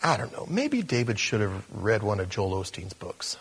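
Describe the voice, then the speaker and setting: A male pastor delivers a sermon with a slightly husky voice. He talks to the congregation casually and pokes fun at himself, shifting between quiet reflection and louder emphasis. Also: fairly low pitch, huge pitch swings, normal speed, few pauses. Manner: conversational, self-deprecating, addresses congregation as gang.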